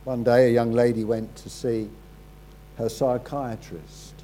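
Man, preacher, slow, mellow, halting sermon storytelling, faint hum behind. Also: level tone, rough recording. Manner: halting, repeats words, drops low and quiet for serious moments.

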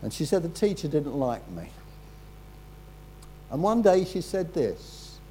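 A man preaching a sermon, telling a story in a halting way, repeating words and dropping quiet at solemn moments. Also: a little high, big pitch swings, slight background noise, rough recording.

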